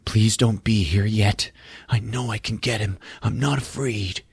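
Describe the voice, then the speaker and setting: A man's voice: fairly low pitch, measured pace, vocal fry, breathy edge, no echo, clean studio sound, full character voice. A man muttering as a scared boy. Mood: nervous. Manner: hushed, nervous muttering. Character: scared boy talking himself brave.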